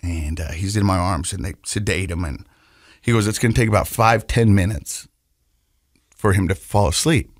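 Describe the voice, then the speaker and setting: A man's voice: sits low, normal speed, dry recording, clean studio sound. A man co-hosting a podcast, telling a personal story in a rambling way with restarts and laughter, turning earnest and reflective. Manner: rambling, repeats words, laughs while telling. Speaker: podcast co-host. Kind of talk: casual storytelling.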